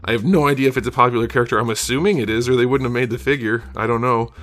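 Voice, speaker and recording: Rapid-fire and mid-range in pitch, a toy reviewer's slightly bright voice runs casually through an action figure over soft background music. Being sick leaves him a bit out of breath, and he rambles with fillers and hedges.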